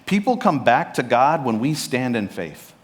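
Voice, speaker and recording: Animated male pastor preaching. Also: mid-range voice, unhurried. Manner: animated storytelling, acting out Bible characters' lines. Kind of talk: sermon. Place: church sanctuary.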